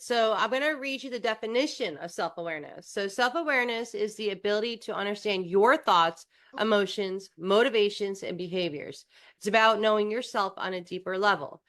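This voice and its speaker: A woman's voice: mid-range voice, fairly quick, fairly bright tone. Blunt, outspoken woman podcast co-host. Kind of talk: casual chat.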